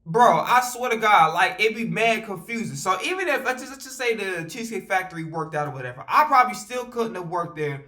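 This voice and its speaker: A man telling a casual storytime vlog, animated and profane, rambling with fillers and restarts. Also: high-pitched, brisk, few pauses.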